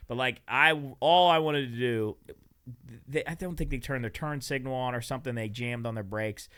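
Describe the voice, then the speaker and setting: Bright clear-voiced man chatting. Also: mid-range voice, moderate pace, no echo. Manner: rambling, self-deprecating storyteller. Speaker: podcast co-host. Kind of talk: casual chat.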